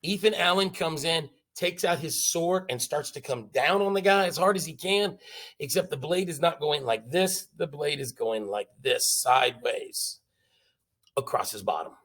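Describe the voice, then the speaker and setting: A man teaching a history class, telling the story in an animated, jokey way with sound effects. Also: a little high, moderate pace.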